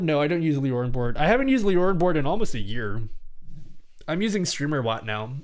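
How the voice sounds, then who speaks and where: Lively, animated young male streamer. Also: fairly high pitch. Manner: reads chat messages aloud and answers them; rambling, with frequent restarts. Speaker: livestreamer. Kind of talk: casual live-stream chat.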